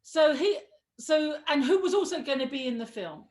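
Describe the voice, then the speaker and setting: A woman on a sofa at home, telling a lively anecdote as an interview guest, laughing, trailing off and acting out the voices. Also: high voice, moderate pace. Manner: excitable, laughing, trailing off and restarting. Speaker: guest telling career stories.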